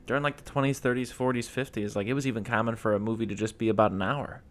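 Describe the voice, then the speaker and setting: A man's voice: mid-range voice, fairly even intonation, fast. A man in casual chat, wry and opinionated, who rambles as he works through his thoughts.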